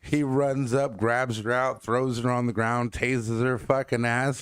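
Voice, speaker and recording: A man's voice: mid-range voice, level tone, unhurried, few pauses, clear, resonant tone, no echo, clean studio sound. A man co-hosting a casual talk show, rambling with laughs and swearing as he tells stories. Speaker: podcast co-host. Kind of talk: casual chat.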